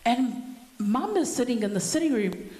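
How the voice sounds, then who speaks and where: A middle-aged woman giving a personal eulogy at a family funeral service, telling her story slowly with many pauses. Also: fairly high pitch, big pitch swings, dark tone. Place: church hall. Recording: echoey church hall.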